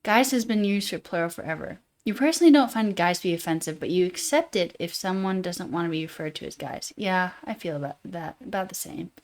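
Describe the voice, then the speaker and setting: A woman with a Utah accent hosting a livestream, chatting casually in a fairly monotone way and reading chat comments aloud. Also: fairly low pitch, fairly quick, few pauses. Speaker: livestream host.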